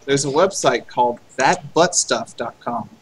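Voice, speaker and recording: A man co-hosting a game stream in casual chat, with dry, deadpan jokes. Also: mid-range voice, measured pace, breathy edge. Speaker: co-host.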